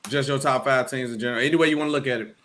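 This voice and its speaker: A man's voice: medium pitch, fairly even intonation, rapid-fire, fairly bright tone. A man hosting a casual sports chat with friends, laid-back and chatty, laughing often. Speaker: podcast host. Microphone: headphones on, live call setup.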